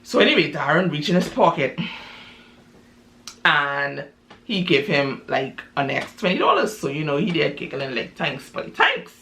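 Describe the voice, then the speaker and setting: A chatty woman telling a story in a loose, casual way, full of fillers and asides. Her voice is bright and sharp. A faint hiss runs behind her. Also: low-pitched, big pitch swings, normal speed, vocal fry.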